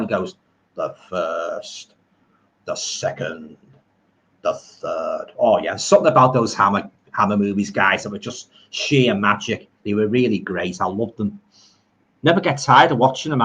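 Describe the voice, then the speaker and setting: A middle-aged man with a Liverpool accent, a horror film streamer, reads comments from viewers live at home while rambling eagerly about old films in homely language. He has a medium-pitched, fairly bright voice with a breathy edge.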